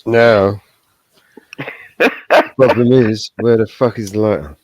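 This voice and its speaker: A man's voice: on the low side, fairly even intonation, takes it slowly, darkish tone, dry recording. A man on a livestream panel, laid-back and wisecracking in casual banter.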